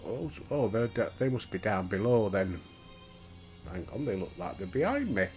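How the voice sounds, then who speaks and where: A man's voice: on the low side, big pitch swings, moderate pace, a little mellow. Older Yorkshire man, casual gaming chat, swears and laughs a lot, faint game music behind. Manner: chatty, swears and laughs often. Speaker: gaming streamer.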